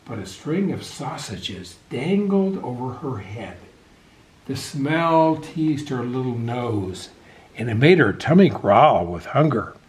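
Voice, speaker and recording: A man reading a picture book aloud to children with expressive, animated storytelling, over a video call. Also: mid-range voice, slow pace, a little hiss or hum. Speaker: storybook reader. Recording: echoey room.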